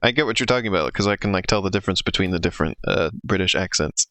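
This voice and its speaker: A man's voice: deep voice, animated, rapid-fire, fairly bright tone. An American man in casual stream chat, rambling with lots of "like" and frequent laughter. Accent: general American. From United States. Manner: chatty, lots of "like", laughs often. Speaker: streamer co-host.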